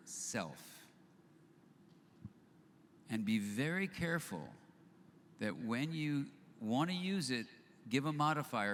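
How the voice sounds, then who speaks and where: An older man giving a live storytelling talk to an audience, animated as he acts out both sides of remembered conversations. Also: on the low side, a little hiss or hum. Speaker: speaker at a live book launch event. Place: event venue with audience. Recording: long hall reverb, faint ambience.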